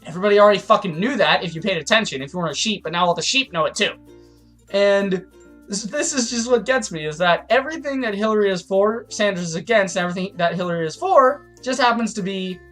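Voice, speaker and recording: A man's voice: high-pitched, fast, a bit bright, soft background music. A man giving a heated, profane political rant as a vlogger, stumbling over restarts. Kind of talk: ranting political commentary.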